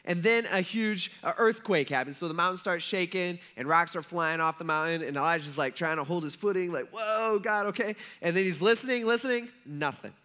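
A man giving a casual sermon, telling a Bible story in a chatty, animated way, swinging from loud emphasis to hushed asides. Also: sits high, a little fast, few pauses. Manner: conversational, animated storytelling with voiced characters. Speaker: preacher.

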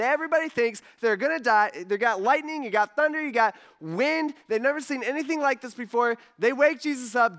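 A pastor with a high, light voice preaches to his congregation in a relaxed, chatty way. He tells the story loosely and jumps into different voices for the people in it. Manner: casual storytelling, acting out quotes with voices. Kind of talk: sermon.

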